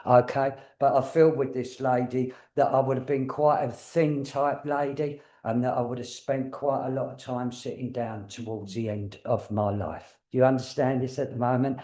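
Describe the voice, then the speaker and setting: A man's voice: mid-range voice, steady tone, normal speed, few pauses, warm tone, echoey room. A man working as a spiritualist medium, chatty and joking, often checking in with the audience. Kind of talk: mediumship demonstration to a congregation.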